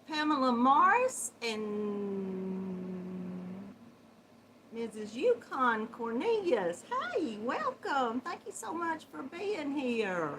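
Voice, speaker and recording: Over a noisy background, a middle-aged woman with a runny nose hosts a laid-back livestream, her high-pitched voice slow and swinging widely in pitch. She's chatty and warm, tossing out Southern endearments to viewers and laughing frequently.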